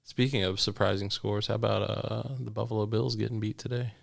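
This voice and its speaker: A man's voice: on the low side, level tone, a little fast, gravelly. A man co-hosting a casual podcast, trading dry one-liners. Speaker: podcast co-host. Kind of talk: casual chat.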